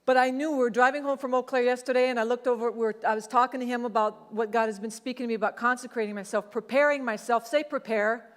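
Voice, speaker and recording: A middle-aged woman pastor preaching a sermon, telling a personal testimony in a conversational, animated way. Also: fairly high pitch, fast, hardly any pauses. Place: church sanctuary. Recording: long church hall reverb.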